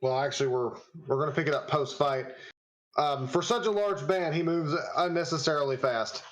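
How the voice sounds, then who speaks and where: A man's voice: on the high side, normal speed, low-quality recording. A man running a tabletop game as game master, narrating scenes in a loose way, full of fillers and frequent chuckles.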